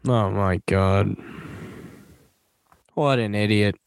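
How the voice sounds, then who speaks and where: A man's voice: fairly low pitch, fairly even intonation, very slow, creaky, clean tone, no room sound. A man giving casual, blunt movie commentary as a podcast host, swearing and scoffing often.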